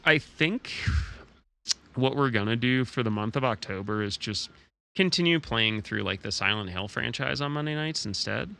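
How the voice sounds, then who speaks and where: A man's voice: mid-range voice, expressive, moderate pace, vocal fry, bright, forceful tone. A man streaming a speedrun, rambling and joking profanely while he has the hiccups. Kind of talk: casual live-stream commentary.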